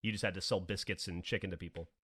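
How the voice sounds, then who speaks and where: A man's voice: deep voice, steady tone, quick pace, a bit bright. A man in his forties telling funny stories on a podcast, swearing and laughing often and acting out the people he quotes. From American South. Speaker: podcast co-host. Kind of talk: casual storytelling.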